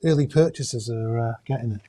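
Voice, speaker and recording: A man hosting a casual live-stream raffle draw from indoors, talking in a chatty, halting way with many hesitations and jokey asides. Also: mid-range voice, dark tone. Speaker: host drawing raffle prizes. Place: indoors at home with a camera crew.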